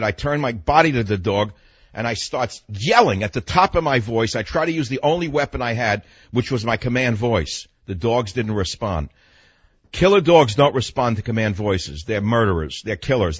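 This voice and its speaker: A man's voice: mid-range voice, a bit bright, husky, no echo, dull audio. An older man from New York hosting a radio talk show, telling a story in a blunt, emphatic monologue.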